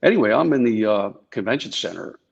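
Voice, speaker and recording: A man's voice: lowish voice, sing-song, fast talker, creaky, breathy edge, dull audio. A man from New Jersey telling casual, chatty stories as a guest speaker on a video call. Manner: chatty anecdotes with many fillers. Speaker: guest speaker, former Secret Service agent. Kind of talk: casual storytelling talk.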